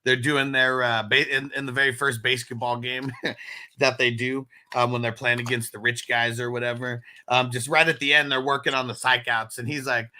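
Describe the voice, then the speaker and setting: A man with a very bright, forceful voice hosts a casual talk show. He reads viewer comments aloud and tells stories in a loose, laughing way. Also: mid-range voice, fairly even intonation, moderate pace. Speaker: podcast host. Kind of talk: casual chat reading live chat comments.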